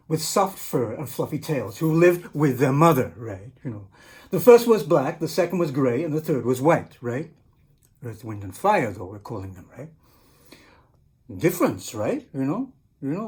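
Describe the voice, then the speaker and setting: A man reads a picture book aloud and muses over its illustrations. His delivery is casual and meandering, and he keeps adding "right?" and "you know". His husky voice moves in a lively way up and down. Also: on the high side. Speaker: storyteller and teacher.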